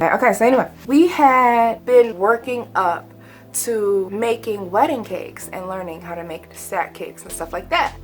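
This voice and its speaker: A middle-aged woman hosting a casual storytime vlog about cake decorating at home, talking in a bubbly, animated way with sudden excited exclamations. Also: on the high side. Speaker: cake decorator and channel host.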